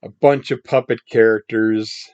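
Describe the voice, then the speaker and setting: A man reviewing comic books in a casual, rambling monologue, his voice scratchy from the morning and his throat needing clearing. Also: lowish voice, unhurried, no echo, dull audio. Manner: rambling, relaxed, trails off mid-sentence.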